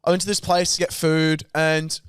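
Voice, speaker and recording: A man's voice: a little high, level tone, moderate pace, smooth, dry recording, clean studio sound. A young Australian man co-hosting a podcast, telling a rambling, sweary anecdote in casual chat. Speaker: podcast co-host.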